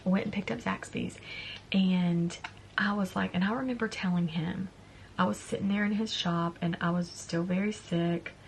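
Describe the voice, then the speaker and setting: A young woman telling a personal story in a storytime vlog, talking in a soft, confiding way that often drops to a hushed near-whisper. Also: on the low side, fairly even intonation, moderate pace, gravelly, a little hiss or hum. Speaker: beauty vlogger.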